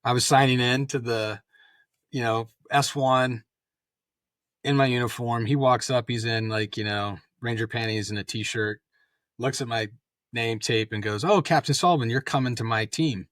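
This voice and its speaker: A man's voice: mid-range voice, measured pace, no echo. A middle-aged man, a former special forces officer, telling stories in a casual interview and acting out the dialogue. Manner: animated storyteller acting out quoted dialogue. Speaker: podcast guest, former Green Beret officer.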